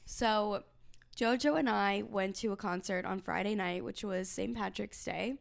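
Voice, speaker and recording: A woman's voice: mid-range voice, measured pace, gravelly, soft background music. A young American woman in her twenties, co-hosting a casual podcast chat with friends, rambling and chatty with lots of fillers. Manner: chatty, rambling, heavy use of "like". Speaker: podcast co-host.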